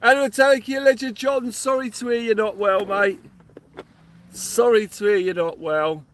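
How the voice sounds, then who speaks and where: A man hosting a casual live stream from a beach at night, giving cheery shout-outs and telling jokey stories. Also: high voice, fairly even intonation, normal speed, a little hiss or hum. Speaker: livestream host.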